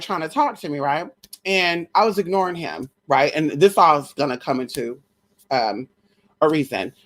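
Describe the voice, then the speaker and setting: A woman hosting a live stream, chatting casually about celebrity spirits with a sassy, brash, slangy manner and plenty of swearing. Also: fairly low pitch. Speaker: livestream host. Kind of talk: casual spiritual gossip chat.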